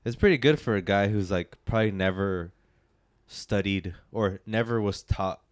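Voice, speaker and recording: Smooth-voiced podcast co-host. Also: male voice, fairly low pitch, moderate pace, dry recording, studio quality. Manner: joking, rambling, animated swings in energy. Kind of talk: casual chat.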